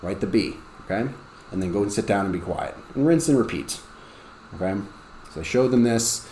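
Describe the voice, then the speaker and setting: A man's voice: fairly low pitch, expressive, moderate pace, dark tone. Casual man explaining a lesson, roomy sound. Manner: conversational, checks in with frequent "okay?". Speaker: ESL teacher. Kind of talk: explaining a lesson plan to teachers. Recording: roomy with faint background noise.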